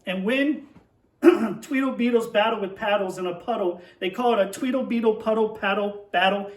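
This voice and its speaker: A man's voice: sits high, normal speed, reverberant, recorded from a distance. A man teaching young children, playfully reading a tongue-twister picture book aloud and then explaining a math lesson at a board.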